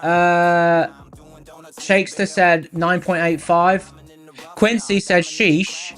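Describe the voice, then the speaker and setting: A man's voice: high-pitched, fairly even intonation, takes it slowly, fairly bright tone. A man from England hosting a live stream, chatting casually and reading out viewer comments with lots of fillers. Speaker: livestream host. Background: faint background music.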